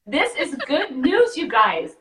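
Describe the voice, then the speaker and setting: A woman's voice: sits high, big pitch swings, slow, a crowd in the background. A woman interviewer, teary and gushing in an effusive way. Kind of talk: casual interview. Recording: roomy, distant mic.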